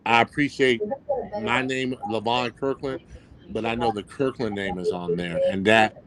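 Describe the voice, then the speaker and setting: Animated former football player telling stories. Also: male voice, mid-range voice, normal speed, poor audio. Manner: animated storyteller, acts out quoted voices, laughs often. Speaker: former pro football player, interview guest. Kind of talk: casual storytelling interview.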